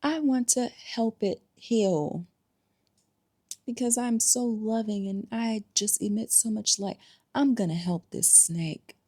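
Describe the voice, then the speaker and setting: A woman mocking a naive, sugary love-and-light woman in a high, gushing sing-song voice. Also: slow pace, warm tone.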